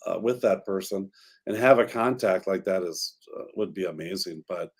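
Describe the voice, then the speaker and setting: A man who is a realtor and radio co-host, chatting casually in a studio and working through long, halting explanations. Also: sits low.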